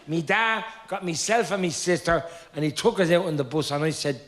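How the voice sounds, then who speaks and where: A man with a Dublin accent doing live stand-up comedy, telling broad, animated stories with pauses for punchlines. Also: a little high, reverberant.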